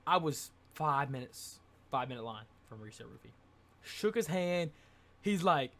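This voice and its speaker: A young man telling a casual, rambling vlog story, excitable and full of filler words. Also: a little high, moderate pace. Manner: excitable, rambling, says dude and like a lot. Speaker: vlogger.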